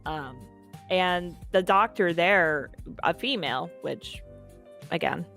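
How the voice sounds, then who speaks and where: A woman's voice: lowish voice, slow, vocal fry, a bit bright, faint music behind. A woman guest in an interview, telling a personal story in a casual, candid and profane way.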